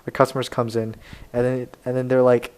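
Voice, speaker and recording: A man's voice: medium pitch, completely flat delivery, fairly quick, a little mellow, clean tone, poor audio. A young man, a podcast co-host, telling a rambling story in casual chat and laughing often. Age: young adult.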